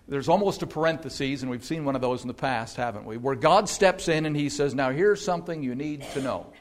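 A pastor preaching a sermon, stressing single words, asking rhetorical questions and slowing down to read scripture aloud. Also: male voice, mid-range voice.

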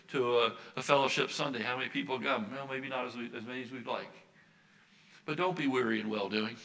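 A man's voice: medium pitch, pushed and bright, rough recording. An older American man, a Baptist minister, preaching a sermon earnestly and repeating his key phrases for emphasis. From United States.

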